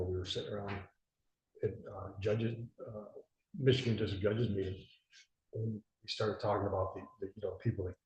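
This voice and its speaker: A man's voice: fairly low pitch, warm tone, echoey room, distant mic, lo-fi sound. A male judge telling a chatty anecdote on a video call, acting out the people he quotes. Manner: chatty storyteller who acts out quotes. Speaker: district judge. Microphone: video call, away from the mic.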